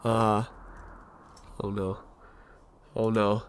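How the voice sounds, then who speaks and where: A man's voice: medium pitch, lively intonation, slow pace. Jumpy swearing man playing a horror game. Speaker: streamer. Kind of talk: horror game let's play commentary.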